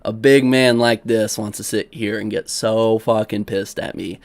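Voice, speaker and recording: A man's voice: on the low side, steady tone, unhurried, a little mellow. A young man hosting a livestream, rambling, laughing often and defending himself in an argument. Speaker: livestream host. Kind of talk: casual livestream commentary.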